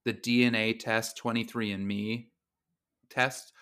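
Male podcast co-host, bright forceful tone, dry wit. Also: lowish voice, level tone, a little slow, clear, resonant tone. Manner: wry, joking asides. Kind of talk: casual chat.

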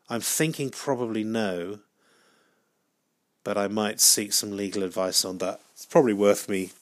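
A man hosting a solo podcast, rambling through a comic monologue in a deadpan, self-mocking way with frequent hesitations and restarts. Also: fairly low pitch. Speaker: podcast host.

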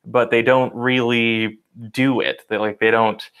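A man co-hosting a podcast in a relaxed, casual way, laughing easily and using lots of fillers. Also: mid-range voice, unhurried, smooth. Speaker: podcast co-host.

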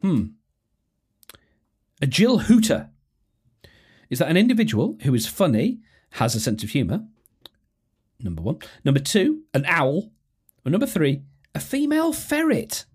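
A man hosting a casual solo podcast, thinking aloud in an animated, self-mocking way with many restarts. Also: fairly high pitch, a little slow, long pauses, breathy edge. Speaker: podcast host.

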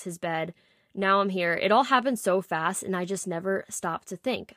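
A woman's voice: medium pitch, no room sound, clean studio sound. A woman in her twenties hosting a podcast, telling a personal story in a candid, confessional way with light laughs. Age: 20s. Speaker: podcast host.

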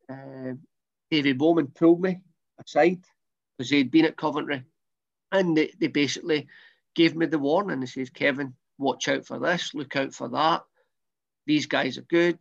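A middle-aged man with a softened Scottish accent tells his story in a loose, rambling way, often repeating himself and restarting sentences. His voice sits a bit high and has a gravelly edge. The recording sounds slightly dull and lo-fi. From Scotland. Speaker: former footballer, guest. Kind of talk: casual storytelling interview.

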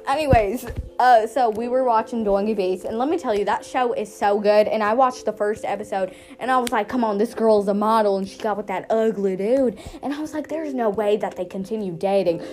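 A young woman co-hosting a podcast, rambling and teasing in a giggly casual chat. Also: a little high. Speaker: podcast co-host.

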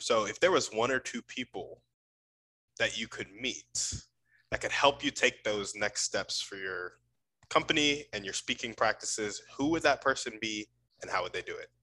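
A man's voice: mid-range voice, bright, forceful tone, poor audio. A man hosting an interview who responds with eager, affirming enthusiasm. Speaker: podcast host. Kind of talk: interview questions.

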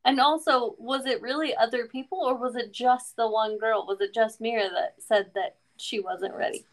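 A woman co-hosting a podcast, chatting casually and asking quick questions. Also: a little high, fairly even intonation. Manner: responsive, short interjections and questions. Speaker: podcast co-host. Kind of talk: casual chat.

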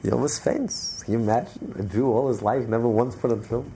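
A man with a gravelly, dark voice teaching a religious class. He tells his story with animation and stops often to restart his sentences. Faint noise sits under the recording. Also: medium pitch, fast.

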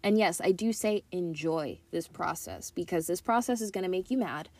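A woman's voice: on the low side, moderate pace, darkish tone. A young woman hosting her own podcast, chatting casually and encouragingly from her closet into a tablet. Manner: upbeat, encouraging, giddy. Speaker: podcast host. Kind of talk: casual motivational chat. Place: walk-in closet. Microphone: tablet mic.

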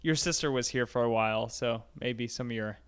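A woman's voice: extremely low pitch, a little fast, clear, resonant tone. A woman co-hosting a casual podcast, answering in short, blunt interjections. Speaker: podcast co-host. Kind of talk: casual chat.

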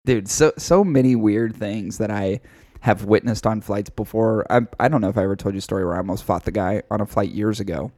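Low-voiced man telling a profane story. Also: brisk, darkish tone, dry recording, studio quality. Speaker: podcast co-host. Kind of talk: casual chat.

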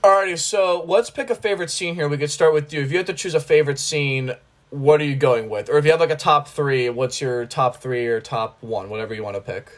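Rambling, slightly high-voiced man podcaster. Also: a little fast. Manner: rambling, frequent restarts, enthusiastic. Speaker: podcast host. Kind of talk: casual film discussion.

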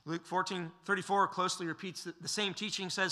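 A man preaching an expository sermon, measured and emphatic, with the occasional filler. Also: high voice, level tone, sharp tone. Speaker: pastor.

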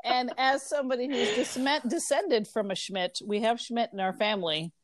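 This woman co-hosts a podcast in a slightly high voice at normal speed, recorded with no echo. Her casual chat rambles along, chatty and full of filler words.

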